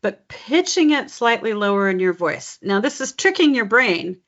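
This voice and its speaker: A woman's voice: mid-range voice, big pitch swings, a bit bright. Encouraging woman dialect coach. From California. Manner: measured, explanatory, encouraging. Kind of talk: one-on-one coaching session. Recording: dull lo-fi recording.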